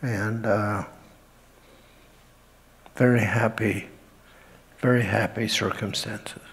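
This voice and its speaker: Slow, gravelly older man in a church hall. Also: on the low side, fairly even intonation. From Utah. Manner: halting, with frequent pauses and fillers. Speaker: family member giving a tribute. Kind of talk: memorial tribute and scripture reading. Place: church sanctuary.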